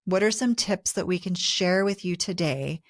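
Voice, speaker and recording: Woman cohost giving relationship tips, kinda low voice, steady explainer tone, dry mic. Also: no echo. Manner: measured, explanatory. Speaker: podcast co-host. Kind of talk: relationship advice talk.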